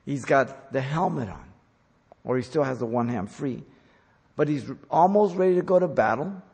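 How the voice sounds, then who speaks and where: A man preaching a sermon as a pastor, deliberate and emphatic, pressing hard on key words. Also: medium pitch, animated, gravelly, darkish tone, husky. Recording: long hall reverb.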